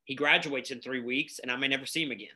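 A man, telling stories in a casual, energetic conversation as a guest, with many fillers. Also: mid-range voice, quick pace. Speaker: nonprofit founder and guest.

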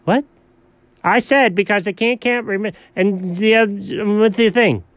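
A man's voice: sits high, unhurried, fairly bright tone, dry recording, pitched above the performer's own voice. A man voicing Alfred, a forgetful, sneaky man who stammers and loses his words. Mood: muddled.

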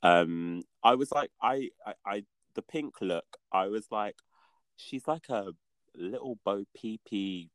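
A man co-hosting a casual podcast, chatty and animated, laughing easily as he talks. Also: fairly low pitch, slow pace, dry recording. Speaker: podcast co-host. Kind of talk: casual chat.

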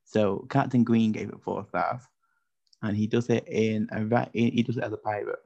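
Gravelly man with a lisp. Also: lowish voice, steady tone, moderate pace, a little mellow. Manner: joking, giggly, stumbles over words. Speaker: podcast host. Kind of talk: casual chat. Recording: dull lo-fi podcast audio.

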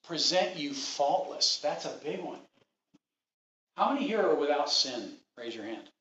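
A man's voice: on the high side, very animated, unhurried, a bit bright. A man preaching a sermon to his congregation, emphatic and repeating his points, asking the people questions. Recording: dull lo-fi recording.

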